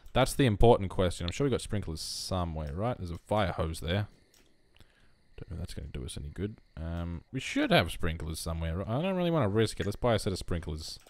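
A young man chatting casually over a life-sim game, talking to his characters and poking fun at himself. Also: sits low. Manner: chatty, self-mocking, talks to his characters. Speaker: gameplay commentator. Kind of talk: casual let's-play commentary.

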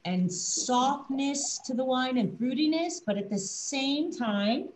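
A woman's voice: high-pitched, expressive, takes it slowly, a little hiss or hum, rough recording. Winery rep, woman, video-call wine tasting, enthusiastic and explanatory. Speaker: winery representative.

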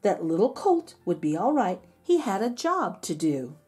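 A woman, a kindergarten teacher, reading a story aloud in an expressive, sing-song storytime manner. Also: mid-range voice, normal speed, slightly rough, faint music behind.

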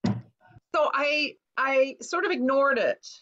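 Her voice is high-pitched, bright and forceful, and she speaks slowly. An author from the United States, she's a guest in an interview, earnestly telling a personal story full of fillers and quoted dialogue from people she met, captured on a dull lo-fi recording.

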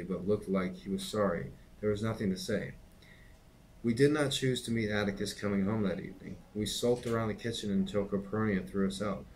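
A middle-aged teacher reads a novel aloud in a fairly low voice, unhurried and steady. His delivery is plain and even, as if reading to a class, on a rough recording with faint background noise.

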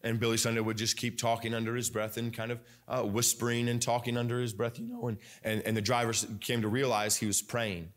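Preaching man, halting with fillers. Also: medium pitch, little pitch movement. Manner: preachy, with many fillers and restarts. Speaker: pastor. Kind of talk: sermon. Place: church sanctuary.

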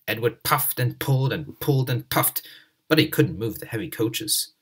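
A man reading a children's story aloud in an expressive, lively way. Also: lowish voice, a little fast, husky. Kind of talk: scripted narration of a children's story.

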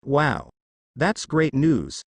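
A man's voice: mid-range voice, sing-song, very slow, no echo, exaggerated voice. A man reading the lines of a brash, cocky teenage boy ninja in a fan fiction story, in nearly his own voice.

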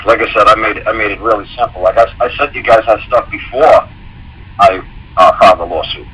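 Deep husky-voiced man rambling on a call. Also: sharp tone, rough recording. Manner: rambling, repeats himself, tells anecdotes with quoted dialogue. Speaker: guest speaker. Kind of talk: casual call-in explanation.

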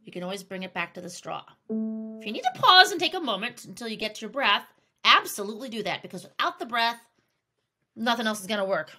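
A woman singing teacher giving an upbeat, encouraging vocal lesson with sung warm-up exercises over piano. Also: on the high side, big pitch swings, a little fast. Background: piano accompaniment.

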